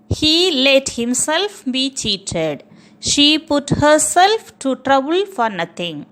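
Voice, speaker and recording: A woman's voice: sits high, fairly bright tone. A woman teacher giving a grammar lesson, speaking patiently and often checking with "okay" and "understood".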